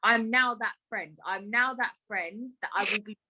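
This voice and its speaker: Female podcast host, lively casual chat, salty language. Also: a little high, moderate pace, rough recording. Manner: chatty, animated, swears freely.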